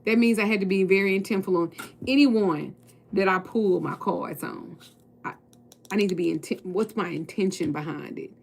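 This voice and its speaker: A woman's voice: medium pitch, moderate pace, vocal fry. A woman tarot reader and spiritual coach speaking casually and bluntly to her viewers, preaching and swearing freely.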